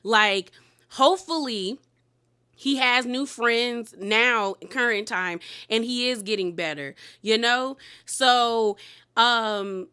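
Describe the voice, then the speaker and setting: A woman with a bright, forceful voice that sits a little high, recapping a TV episode in a loose, chatty way. She talks animatedly and laughs through her asides, sometimes dropping to a whisper for a candid remark. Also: takes it slowly, clear, resonant tone. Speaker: reality TV recap host. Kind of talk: casual TV episode review.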